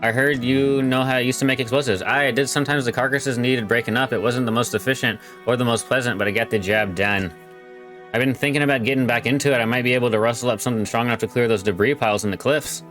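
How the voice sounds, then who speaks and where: A man voicing a gruff old retired whaler, reading game dialogue aloud. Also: medium pitch, steady tone, quick pace, a bit bright, faint music behind, lightly acted. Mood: weary.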